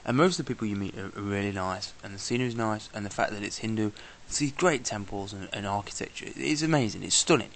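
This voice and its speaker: A man's voice: lowish voice, fast talker, hardly any pauses, a bit bright, a little hiss or hum. A man talking casually in a travel vlog, exasperated and swearing, often imitating the people he met. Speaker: traveller vlogger.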